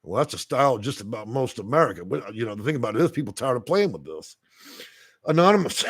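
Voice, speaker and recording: A man's voice: medium pitch, sing-song, quick pace, breathy edge, no echo. A man, a housing consultant ranting on a livestream and reading the chat, heated and profane with bursts of laughter.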